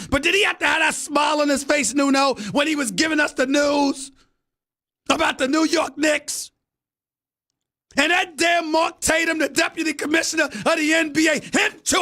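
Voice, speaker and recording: A middle-aged man hosting a sports talk show in a studio booth, delivering an exasperated, shouting rant. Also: extremely high pitch. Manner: loud, exasperated ranting, shouting often. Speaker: show host. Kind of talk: ranting sports talk monologue.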